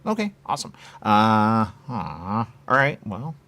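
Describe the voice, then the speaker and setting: A man hosting a radio show, talking in a rambling, repetitive monologue with muttered asides and sudden loud bursts. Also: fairly low pitch, wildly swooping pitch, unhurried, creaky. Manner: repetitive, playful, muttering asides, wide swings in loudness. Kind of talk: rambling stream-of-consciousness monologue.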